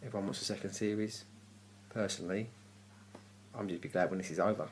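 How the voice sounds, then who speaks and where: A man's voice: sits low, fairly even intonation, quick pace, slight background noise. A man giving a casual, grumpy TV review, ranting and swearing in exasperation. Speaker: TV review vlogger. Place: home at night.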